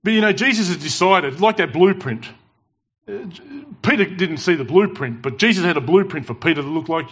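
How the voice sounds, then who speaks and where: A man preaching a sermon in church with animated, emphatic storytelling and jokes. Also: sits high, brisk, breathy edge. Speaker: pastor. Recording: dull lo-fi church recording.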